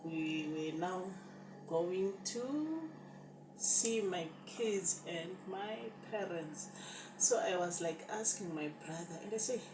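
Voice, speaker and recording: A woman's voice: lowish voice, expressive, slow pace, music in the background. Woman vlogger, roomy and distant. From Zimbabwe. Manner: emotional, repetitive, addresses viewers as "guys". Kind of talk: storytime narration. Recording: distant roomy recording with background noise.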